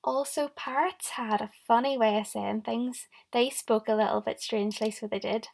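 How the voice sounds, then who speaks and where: Gravelly-voiced woman teaching young children. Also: a little high, fairly even intonation, normal speed, darkish tone. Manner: encouraging, talks directly to the children. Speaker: primary school teacher. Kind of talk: recorded lesson for young children.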